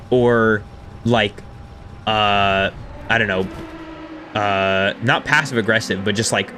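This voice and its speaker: A man in his thirties streaming a game and chatting with his viewers in a casual, self-deprecating way, with quiet music underneath. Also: medium pitch, a little hiss or hum. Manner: chatty and self-deprecating, reading chat aloud. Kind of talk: casual live-stream chat over gameplay.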